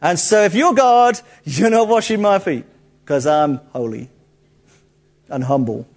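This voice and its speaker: A man's voice: high voice, lively intonation, unhurried, exaggerated voice. A man preaching, acting out an impulsive male disciple who protests and then gets overeager. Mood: protesting. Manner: overeager, protesting, over-the-top.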